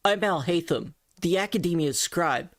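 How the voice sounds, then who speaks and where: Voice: mid-range voice, animated, moderate pace, no room sound, clean studio sound, natural voice. Someone imitating a punchy, aloof young scholar. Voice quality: abrupt and punchy. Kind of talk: voice impression practice.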